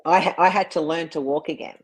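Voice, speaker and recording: A woman's voice: deep voice, quick pace, breathy edge, rough recording. A woman bodybuilder, a guest in an interview, telling her story earnestly and restarting her sentences often. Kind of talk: casual interview chat.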